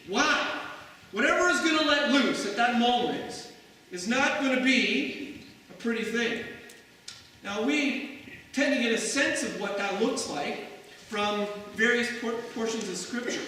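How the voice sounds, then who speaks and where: A man's voice: very high-pitched, animated, unhurried, bright, forceful tone, slight background noise. A man preaching a sermon as pastor, talking conversationally and throwing rhetorical asides to his congregation. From Canada. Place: church sanctuary. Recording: echoey church hall from far off.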